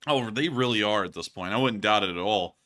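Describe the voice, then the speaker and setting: A man's voice: lowish voice, brisk, sharp tone. A man casually commenting over war footage as host, joking and rambling and laughing at his own slips. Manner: jokey, rambling, laughs at himself.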